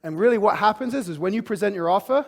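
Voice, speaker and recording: In a conference room before a live audience, a high-pitched, animated man speaks fast in a motivational presentation to fitness trainers. A fitness business speaker, he talks emphatically, often saying "like" and restarting sentences.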